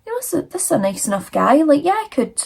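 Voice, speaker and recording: A woman voicing a trusting young woman who answers in a quick, breezy, slightly hesitant way while retelling a story. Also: high-pitched, sing-song, vocal fry, a little mellow, pitched above the performer's own voice, exaggerated voice.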